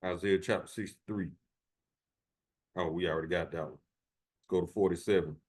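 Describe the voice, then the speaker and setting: A man's voice: sits low, fairly even intonation, normal speed, slightly rough. Cursing, taunting preacher man with scripture. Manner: profane, taunting, reads verses aloud.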